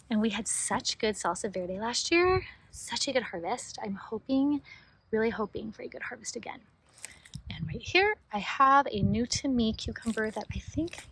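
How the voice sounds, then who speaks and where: A woman's voice: fairly high pitch, slight background noise. A woman giving a casual, enthusiastic walking tour of her home vegetable garden outdoors, chatting to viewers as she films. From Northern California. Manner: chatty and enthusiastic, talks to viewers as "you guys". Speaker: homestead gardening vlogger.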